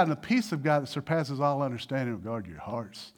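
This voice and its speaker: A man's voice: mid-range voice, lively intonation, fairly quick. A man preaching a sermon as a pastor, posing questions to the congregation and rising into emphatic exhortation.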